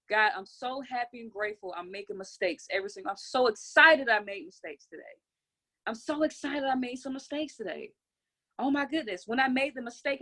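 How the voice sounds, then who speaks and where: A woman hosting a motivational group conference call, urging listeners with energetic, repetitive, preacher-like phrasing and call-and-response, speaking into a phone or computer mic. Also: a little high.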